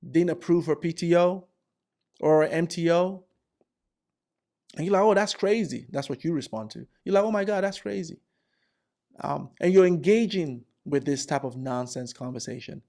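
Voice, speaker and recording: A man in his forties tells office stories as career advice, repeating himself for emphasis. His voice sits a little high for a man, and he keeps slipping into the voices of the coworkers in his stories. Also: darkish tone. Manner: repetitive, acts out characters. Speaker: career vlogger. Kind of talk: animated storytelling advice.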